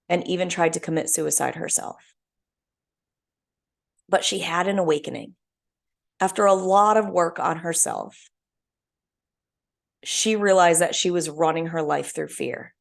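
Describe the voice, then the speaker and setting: With a gravelly, slightly low voice, a young woman hosts a solo podcast. She's reflective, recounting a story in a heartfelt, earnest tone.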